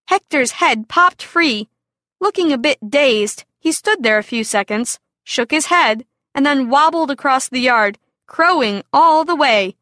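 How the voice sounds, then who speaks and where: A high, bright female voice reads a children's story, clear and expressive. She takes her time over each line. The sound is close and dry. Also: unhurried, dry recording.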